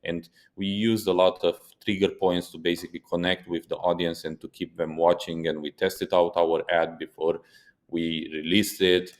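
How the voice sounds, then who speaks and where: A man co-hosting a casual podcast, telling stories in an animated way and swearing for emphasis. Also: low voice. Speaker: podcast co-host.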